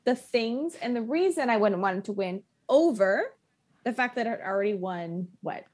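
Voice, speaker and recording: A woman co-hosting a podcast, animated and swearing freely in casual chat, often talking over the others. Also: fairly high pitch, moderate pace. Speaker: podcast co-host.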